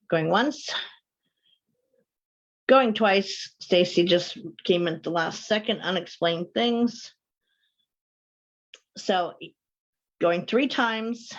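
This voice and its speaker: A woman's voice: medium pitch, muffled recording. A woman hosting a live call-in show, chatting with viewers, reading their comments aloud and telling stories. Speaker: host.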